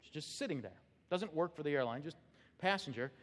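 A male pastor preaching a sermon, telling an animated personal story and laughing along with it. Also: a little high, brisk. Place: church sanctuary. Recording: long hall reverb.

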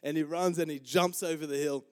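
A man's voice: a little high, a little fast. A young man preaching in church, telling a funny story with lots of energy, acting out the voices and laughing as he goes. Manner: animated, acts out quotes, laughs often. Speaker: pastor. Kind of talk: storytelling sermon. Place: church auditorium.

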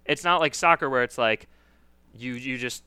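Guy hosting an interview, smooth clear voice, dry sound, asks loads of questions. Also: medium pitch, brisk, pushed and bright, no room sound. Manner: chatty, asks many questions, restarts a lot. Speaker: podcast host. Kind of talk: casual interview chat.

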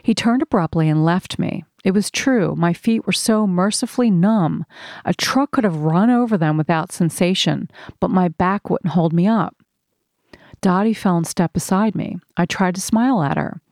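A woman reading a first-person memoir aloud in a measured, earnest storytelling manner. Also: lowish voice, darkish tone, no echo, clean studio sound. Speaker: narrator.

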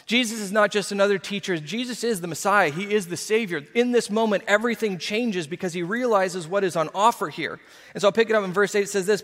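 A male pastor preaching a sermon in an animated, emphatic way with conversational asides. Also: sits high, fast, in a large hall.

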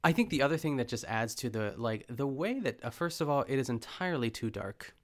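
A man guesting on a podcast, chatting in an animated way, laughing often and restarting his sentences. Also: medium pitch, a little fast. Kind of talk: casual chat.

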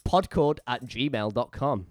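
A man's voice: medium pitch, expressive, slow. A young man hosting a casual podcast, chatty and laughing as quizmaster. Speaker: podcast host.

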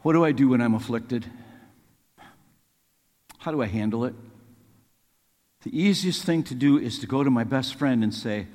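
A man's voice: mid-range voice, normal speed, long pauses, a little mellow, in a large hall. A man preaching a sermon, earnest and rising to fervent pleading as he quotes scripture.

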